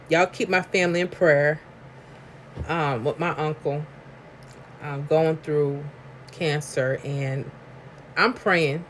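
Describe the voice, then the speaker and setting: Woman, New York accent, slightly low pitch, casual live-stream chat, emphatic, slangy. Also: a little hiss or hum. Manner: chatty, emphatic, slangy and talkative.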